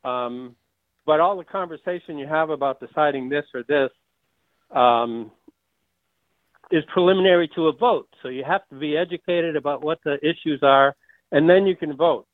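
A man phoning in to a talk radio show, his voice a little high and thinned by a tinny phone line. He rambles and hesitates, filling gaps with ums, and the line sounds dry. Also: moderate pace, dry recording. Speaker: caller. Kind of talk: phone-in caller.

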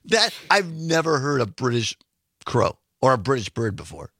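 A man's voice: mid-range voice, sing-song, normal speed, sharp tone, breathy edge, no room sound, studio quality. A male radio host chatting casually, jokey, laughing often and leaning on "I mean" fillers.

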